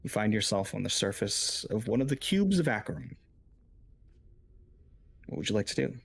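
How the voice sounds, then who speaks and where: A man's voice: fairly low pitch, big pitch swings, normal speed, creaky, husky. A man narrating as game master in a tabletop game, loose and full of fillers.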